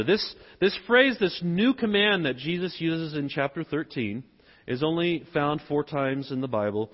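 A man's voice: on the high side, animated, measured pace. A middle-aged man with a Southern US accent preaching a conversational sermon and posing rhetorical questions. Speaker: pastor. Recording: echoey hall, dull sound.

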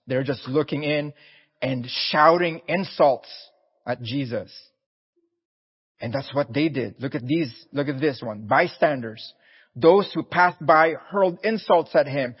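Earnest, husky male preacher. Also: medium pitch, big-room sound, highs cut off. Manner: earnest, pleading, repeats his words. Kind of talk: sermon.

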